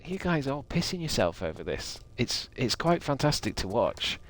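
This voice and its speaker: A man's voice: medium pitch, sing-song, moderate pace. A man streaming a video game, rambling and swearing with a sarcastic edge. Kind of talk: gaming livestream commentary.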